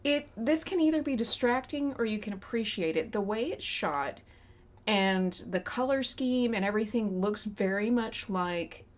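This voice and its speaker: A woman's voice: medium pitch, expressive, normal speed. A woman from West Texas co-hosting a casual movie podcast, recapping the plot with sarcastic, opinionated asides. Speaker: podcast co-host. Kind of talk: casual movie review chat.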